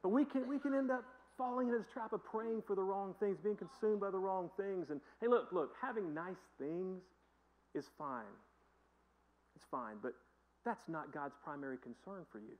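A man's voice: high voice, moderate pace, highs cut off. A man pastor preaching a sermon in a conversational, emphatic storytelling manner. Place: church.

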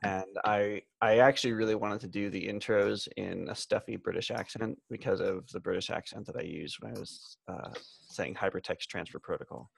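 A man's voice: lowish voice, steady tone, moderate pace, vocal fry, husky, no room sound. A man co-hosting a podcast in casual chat, laid-back and a bit hesitant, with frequent fillers. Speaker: podcast co-host.

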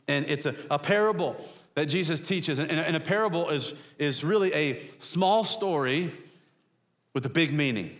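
A man preaching a conversational sermon as a guest pastor, swinging between loud emphatic peaks and quiet low asides.

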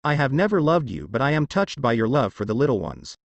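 A man's voice: mid-range voice, big pitch swings, brisk, gravelly, no echo. Proud, defiant goddess of love, man reading. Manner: haughty, defiant.

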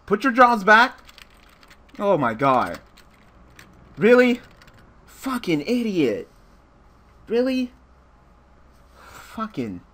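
A man's voice: high voice, wildly swooping pitch, extremely slow, pauses often, sharp tone. A man commentating a card game he is playing, swearing nonstop and raging at his luck. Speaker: gameplay commentator.

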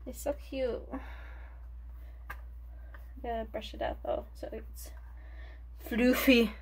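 A woman's voice: on the high side, very animated, takes it slowly, slight background noise. A young woman chatting casually through a makeup tutorial, rambling and forgetful, short of breath and sighing between thoughts. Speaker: beauty vlogger.

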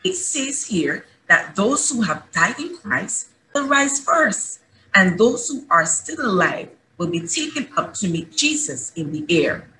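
A woman's voice: medium pitch, measured pace, a little hiss or hum, voice pushed up, poor audio. A woman voicing an earnest young boy in a children's story. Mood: excited. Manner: excited, questioning.

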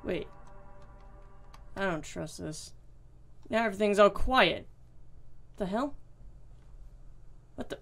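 A woman's voice: mid-range voice, animated, takes it slowly, gravelly, pauses often, a bit bright, soft background music. A woman commenting as she plays a horror game, swearing a lot and sounding jumpy and exasperated. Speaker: gaming video creator. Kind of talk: let's play commentary.

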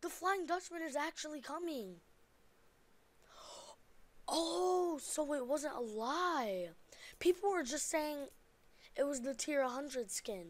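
A woman's voice: sits high, slow pace, pauses often. A young woman hosting a gaming channel, chatting casually while she plays and shrieking at what happens on screen. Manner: excitable, gasping and shrieking at the game. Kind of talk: casual game commentary.

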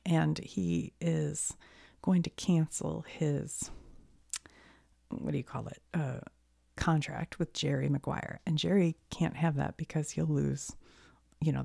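A woman with a cold talking in a soft-spoken ASMR style, half whispering and rambling gently, correcting herself as she goes. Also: low-pitched, dry recording, clean studio sound. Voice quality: soft, breathy whisper drifting in and out. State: has a cold. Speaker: ASMR creator.

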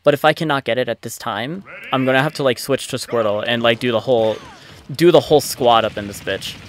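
A man giving live commentary on his own gameplay, excitable and frustrated, swearing often. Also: medium pitch, a little fast. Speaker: let's play gamer. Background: faint game music.

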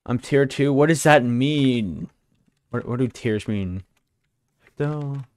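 A man's voice: medium pitch, slow pace, a little mellow. Joking young male live streamer. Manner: joking, teasing chat banter. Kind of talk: casual live-stream chat.

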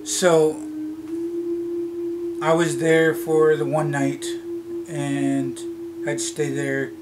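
A man from Canada, telling a childhood story in a vlog, in a halting, rambling way with many fillers and restarts. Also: on the high side, completely flat delivery, poor audio. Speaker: vlogger. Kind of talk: casual storytelling. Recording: loud music behind the voice.

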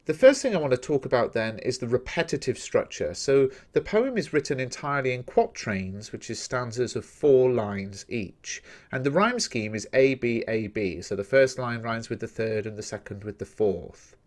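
English male teacher, mid-pitched, methodical, talks to viewers in a recorded revision lesson. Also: normal speed, hardly any pauses. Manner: steady, methodical explaining, addressing viewers directly.

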